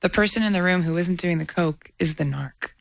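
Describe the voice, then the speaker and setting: A woman's voice: fairly low pitch, fairly quick, gravelly, dry recording. A woman comedian tossing out bawdy one-liners in a casual chat. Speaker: guest comedian.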